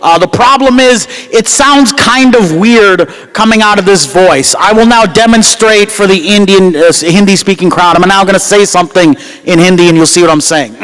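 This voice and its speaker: A man from the United States performing a loud, self-mocking stand-up comedy set at a gala banquet. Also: high-pitched, normal speed, hardly any pauses, low-quality recording. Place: gala banquet hall with live crowd.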